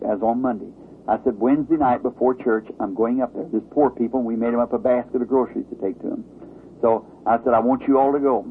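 A man, a preacher telling a story as sermon testimony, his pitch climbing at the dramatic turns. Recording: tinny old lo-fi recording with faint hiss.

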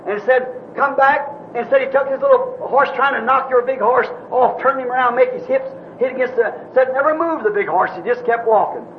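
High-voiced man preaching on old tape. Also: brisk, hardly any pauses. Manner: folksy, rambling retelling with repeated "said". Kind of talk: sermon storytelling. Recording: dull old tape recording with faint hiss.

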